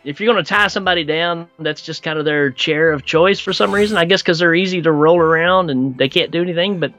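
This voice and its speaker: A man's voice: fairly high pitch, fast talker, soft background music. A man co-hosting a podcast, casually discussing film influences with many fillers. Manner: relaxed, hesitant with fillers, knowledgeable about film. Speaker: podcast co-host.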